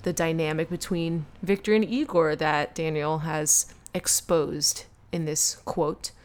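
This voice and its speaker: Giggly fast-talking woman podcaster. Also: deep voice, fairly even intonation, a little mellow. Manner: giggly, gushing, talks fast. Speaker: podcast co-host. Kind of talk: casual fan podcast chat.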